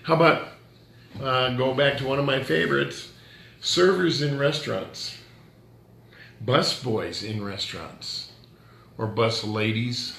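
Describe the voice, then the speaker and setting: A man's voice: mid-range voice, gravelly, fairly bright tone, reverberant, slight background noise. A male pastor giving a conversational sermon, joking and challenging his listeners directly.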